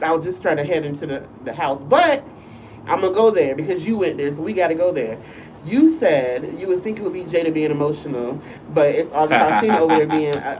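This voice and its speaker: A woman's voice: low-pitched, a little hiss or hum. A woman co-hosting a casual live-stream chat, talking loosely and often asking "you know what I'm saying". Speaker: co-host and school teacher. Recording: voice a bit far from the mic.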